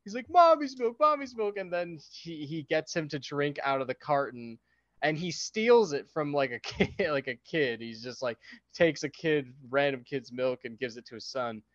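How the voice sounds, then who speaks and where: A man co-hosting a podcast, chatting casually about a movie in an animated way and laughing often. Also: normal speed, no echo, muffled recording. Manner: animated, acts out quotes in high silly voices, laughs often. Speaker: podcast co-host.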